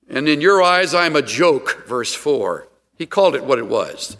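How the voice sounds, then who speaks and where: Animated, bright-toned man preaching in a hall. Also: normal speed. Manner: animated storytelling with sudden pitch jumps. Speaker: pastor. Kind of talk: sermon.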